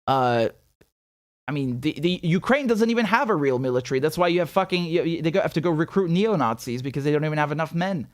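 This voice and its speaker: Fairly high-pitched and fast, this man's voice comes through clean studio audio without echo. Nursing a headache, he runs a live stream, reading chat and commenting loosely with lots of profanity, bluntness, restarts and repeated words, all delivered animatedly.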